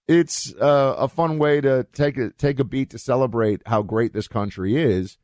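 A man's voice: medium pitch, moderate pace, a little mellow, no echo. A man hosting a talk show, chatting in a rambling, casual way with many restarts and fillers.

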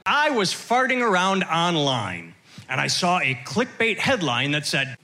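A man doing stand-up comedy with a deliberate setup-and-punchline delivery. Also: a little high, very animated, sharp tone.

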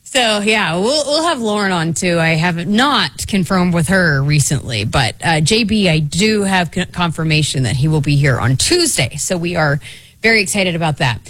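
A woman's voice: lowish voice, expressive, normal speed, a bit bright. A woman co-hosting a sports radio show in a studio, talking in a chatty, loose way that often trails off mid-sentence. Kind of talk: casual studio banter. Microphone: studio microphone.

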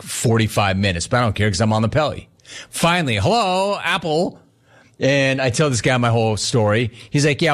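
Man telling a story, acting out voices. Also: medium pitch. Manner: animated, acts out both sides of the story. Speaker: radio host. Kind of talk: casual storytelling monologue.

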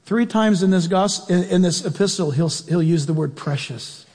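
Husky high-voiced preacher in echoey hall. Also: male voice, moderate pace. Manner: animated, acts out quotes, questions the audience. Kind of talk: sermon.

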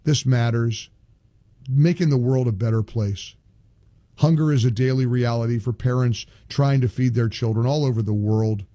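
An older man hosting a talk radio show, talking emphatically and getting louder and higher as he rants. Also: normal speed, dry recording. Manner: animated, emphatic, rising pitch when ranting.

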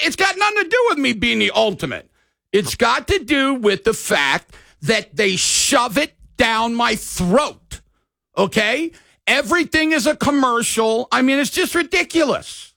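A middle-aged man hosts call-in sports radio in a fired-up ranting style. His voice sits high and swoops widely, with a gravelly edge. The sound is bone-dry and close. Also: pushed and bright, no room sound. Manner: fired-up, ranting, apologetic asides.

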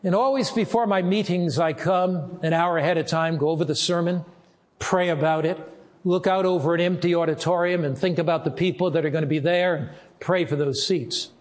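Earnest older male pastor preaching. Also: fairly high pitch. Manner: earnest and measured, slowing down to stress key words. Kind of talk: sermon.

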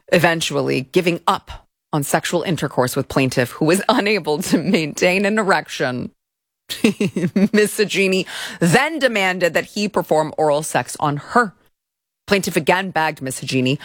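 A woman's voice: medium pitch, big pitch swings, moderate pace, fairly bright tone, no room sound, clean studio sound. A woman hosting a show, reading out and commenting on a court filing in a wry, incredulous way. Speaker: host.

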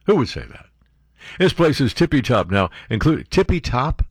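A man's voice: medium pitch, sing-song, normal speed, husky, no echo, clean studio sound. A man hosting talk radio, reading news aloud and mocking it with sarcastic asides.

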